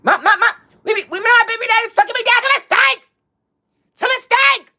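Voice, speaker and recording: A woman doing a loud impression of another woman yelling and stammering out a brash boast. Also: very high-pitched, big pitch swings, very fast, voice pushed up, heavily acted.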